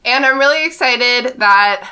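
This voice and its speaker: A woman's voice: fairly high pitch, a little slow, pushed and bright, clear, resonant tone. A woman hosting a podcast in casual chat, playful and giggly. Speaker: podcast host.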